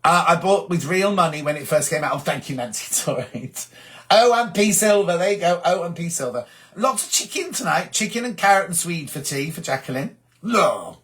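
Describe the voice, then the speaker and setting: A man's voice: on the high side, lively intonation, a little fast, fairly bright tone. A middle-aged man from England chatting casually on a live stream, reading viewers' comments aloud and answering them. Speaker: host of a sewing live stream.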